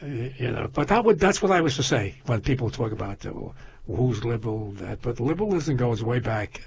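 A man's voice: mid-range voice, animated, brisk, darkish tone, slight background noise. An older man in casual chat, rambling through stories with many restarts and laughing at his own jokes. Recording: dull lo-fi sound.

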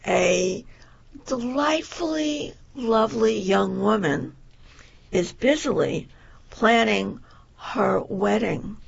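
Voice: mid-range voice, gravelly, fairly bright tone, slightly rough, muffled recording. A show host giving a meandering, enthusiastic theater review, piling on adjectives, with a voice that wavers up and down.

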